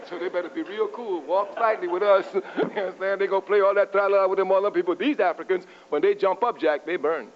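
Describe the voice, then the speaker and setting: A man with a high, ringing voice gives a fiery political speech to a university crowd. He talks in sweeping rhetorical turns and chuckles at his own jests. The old archival tape sounds muffled, with a faint mains hum underneath. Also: fairly even intonation, fairly quick. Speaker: public speaker addressing university students. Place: university lecture hall.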